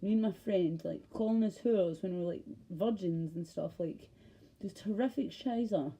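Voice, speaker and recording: A Scottish vlogger with a Glaswegian accent rants to camera in a passionate, profane, rambling monologue. Her voice is on the low side and warm, at a normal speed, and the recording is rough.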